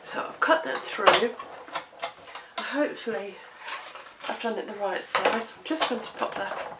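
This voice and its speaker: A craft tutorial presenter demonstrates card-making while chatting, out of breath and coughing, laughing at her own slips in a self-deprecating way as she works. Her voice is medium-pitched and measured in pace. The room is echoey, the mic distant, and the background noisy.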